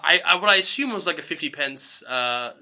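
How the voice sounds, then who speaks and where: A man's voice: on the high side, fairly quick. A man, casually recapping a film with a co-host and slipping into silly voices for the characters. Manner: animated, putting on silly character voices for quotes. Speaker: podcast co-host. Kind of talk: casual movie recap chat.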